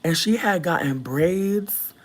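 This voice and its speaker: It's a casual livestream chat: a young streamer reads chat and tells profane stories in an expressive, slow voice. They're talkative, with abrupt, loud, high-pitched outbursts.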